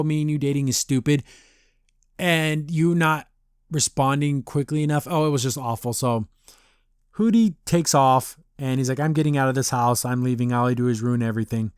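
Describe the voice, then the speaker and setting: A man's voice: fairly high pitch, brisk, darkish tone, clean tone, no room sound, studio quality. A man hosting a podcast and reviewing a cartoon episode in a casual, rambling way, often acting out characters' lines in exaggerated voices. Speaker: podcast host.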